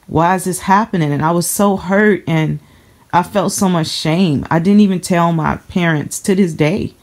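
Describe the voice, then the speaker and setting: A woman from the Chicago area giving a personal testimony to camera, earnest and halting, often repeating herself as she holds back emotion. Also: on the low side, darkish tone.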